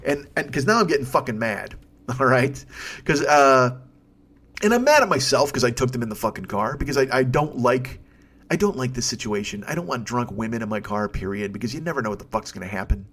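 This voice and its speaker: A man's voice: medium pitch, expressive, brisk, a bit bright, breathy edge. Exasperated, foul-mouthed storytelling man. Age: 40s. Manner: exasperated, swears constantly, rambling. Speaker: comedian podcast host. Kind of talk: profane storytelling monologue.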